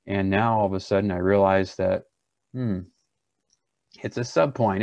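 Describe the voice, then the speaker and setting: A man with a low, gravelly voice teaches a preaching seminar. He talks in an earnest, conversational way and often restarts his sentences. The recording is dry and a little dull. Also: fairly even intonation, measured pace, darkish tone, dry recording.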